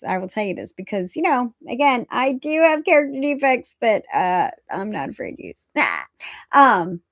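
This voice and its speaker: A woman's voice: mid-range voice, no echo, studio quality. A woman in her fifties hosting a recovery talk, blunt and self-mocking, stressing her points by repeating phrases and laughing at her own jokes. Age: 50s. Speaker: recovery meeting host. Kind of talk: casual live-stream talk.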